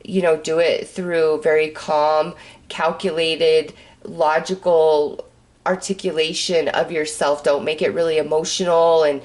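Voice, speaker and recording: A woman talks through a tarot reading in a loose, chatty way, looping back on herself and filling pauses. Her voice sits a little on the low side. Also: level tone, darkish tone. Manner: chatty, rambling, full of fillers. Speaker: tarot reader. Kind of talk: casual tarot reading monologue.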